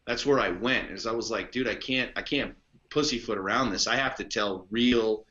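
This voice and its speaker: A man's voice: fairly low pitch, normal speed, bright, forceful tone, dull audio. A man talking as a podcast guest and coach in casual conversation, blunt, emphatic and heavy on profanity.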